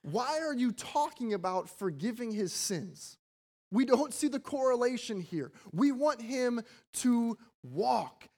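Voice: medium pitch, sing-song, slow pace, darkish tone, full character voice. Puzzled, pleading friend, as a preacher puts it on. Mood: incredulous. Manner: incredulous, pleading. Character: puzzled friends of a paralyzed man.

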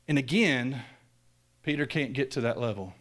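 A man preaching a sermon, swinging from loud raised peaks down to hushed, low lines. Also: moderate pace.

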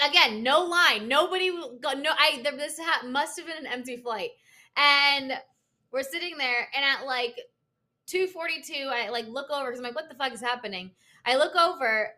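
A young woman with a high, bright voice tells a long story in casual chat. She talks in loose, filler-heavy bursts and curses freely. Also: moderate pace. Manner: animated storytelling, lots of "like" fillers and swearing.

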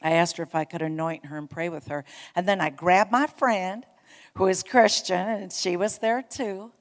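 A woman preaching a sermon, telling a story with animated emphasis and urging her congregation on. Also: fairly low pitch, moderate pace, in a large hall. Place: church sanctuary.

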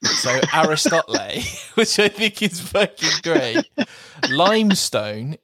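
A man co-hosting a podcast, chatting casually and laughing often as he slowly plays with the sounds of words. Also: high-pitched, very animated, a bit bright. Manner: playful, laughs often, reads out word jokes slowly. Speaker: podcast co-host. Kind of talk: casual chat.

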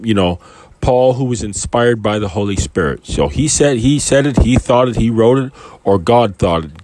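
A man's voice: on the low side, darkish tone. A man reading scripture and commenting on it in a casual, rambling way, full of asides and restarts. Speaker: Bible teacher.

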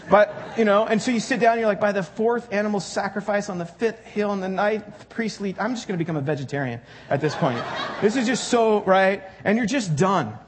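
A man's voice: high voice, slight background noise. A man preaching a sermon to his church congregation, in a conversational, joking way that puts questions to the crowd. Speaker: pastor.

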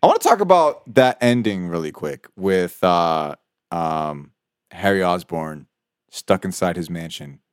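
A man's voice: deep voice, measured pace, clean tone, no echo, studio quality. A man co-hosting a casual movie discussion, repeating fillers and acting out quotes. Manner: lively, repeats filler words, acts out quotes. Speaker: podcast co-host.

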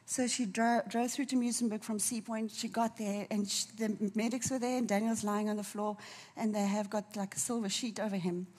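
Husky woman preaching fervently. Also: mid-range voice, fairly even intonation. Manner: emotional, fervent, slows to a soft near-whisper at tender moments. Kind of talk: sermon.

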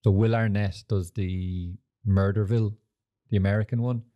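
A man's voice: on the low side, fairly even intonation, moderate pace, lo-fi sound. A young man hosting a casual podcast, rambling through stories with lots of fillers and swearing. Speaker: podcast host. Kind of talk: casual chat.

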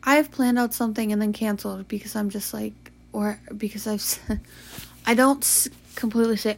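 A tired young woman hosting a late-night confessional podcast, talking softly and haltingly, with sighs, yawns and whispered stretches. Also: medium pitch, steady tone, gravelly. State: sleepy. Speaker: podcast host.

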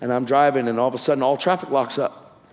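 A man's voice: mid-range voice, fairly even intonation, fast. A man preaching a testimony sermon with fervor and casual slang, calling people "man" and "bro". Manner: fervent, street-casual slang. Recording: long hall reverb.

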